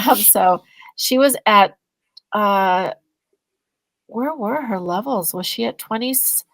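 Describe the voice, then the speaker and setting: A woman's voice: mid-range voice, slow, no echo, poor audio. Chatty woman retelling a story. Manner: animated, acts out both sides of conversations. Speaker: guest, energy healing business owner. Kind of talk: casual storytelling in a podcast interview.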